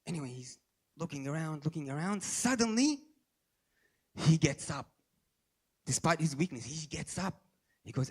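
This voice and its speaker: Guy preaching a sermon, telling stories, drops soft then gets loud on key words. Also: big pitch swings, moderate pace, long pauses, slightly rough. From Australia. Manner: storytelling, shifting between soft low asides and raised emphatic lines; sprinkles Arabic and Farsi religious phrases. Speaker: speaker at a religious gathering.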